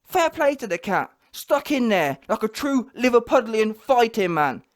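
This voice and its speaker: A man's voice: very high-pitched, sing-song, a little slow. A man giving a heated, blunt reaction rant about a boxing fight, repeating his points. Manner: heated, blunt, repetitive, mocks others in quoted voices. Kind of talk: ranting reaction commentary.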